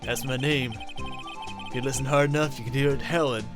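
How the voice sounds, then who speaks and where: A man playing a drifting cowboy lawman with a slow, laid-back Western drawl, reading game dialogue aloud over a steady music bed, all of it sitting in the middle of his usual pitch. The character speaks in lazy, poetic cowboy turns of phrase. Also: natural voice.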